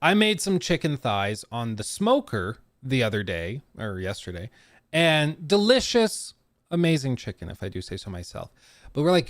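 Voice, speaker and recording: A young adult man co-hosting a casual podcast, animated and acting out quotes with big pitch swings. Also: normal speed, no echo, clean studio sound. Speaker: podcast co-host.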